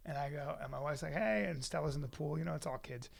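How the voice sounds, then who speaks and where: A man's voice: fairly high pitch, quick pace, creaky, breathy edge. A man co-hosting a podcast in casual, profane chat, telling rambling stories and acting out what others said. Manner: rambling, profane storytelling with acted-out quotes. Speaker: podcast co-host.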